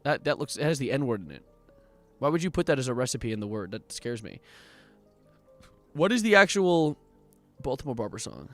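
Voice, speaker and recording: A man streaming live in casual chat, animated and profane, quick to laugh. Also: mid-range voice. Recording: faint music underneath.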